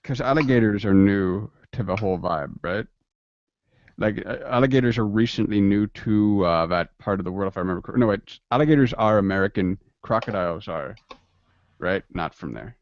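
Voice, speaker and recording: A man's voice: on the low side, a little fast, dry recording, dull audio. A man chatting casually with a friend while playing a game, joking and rambling with frequent laughs.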